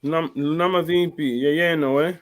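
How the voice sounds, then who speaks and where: A man's voice: a little high, steady tone, normal speed. A male student in an online language lesson over a video call, tentative and checking his answers.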